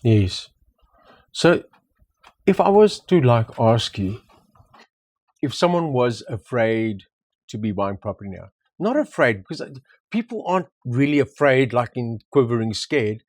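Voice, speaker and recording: A man's voice: medium pitch, sing-song, a little slow, long pauses, no echo. A man co-hosting a property discussion, talking casually and reflectively, telling anecdotes and repeating words for emphasis. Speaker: property market co-host. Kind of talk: casual conversation.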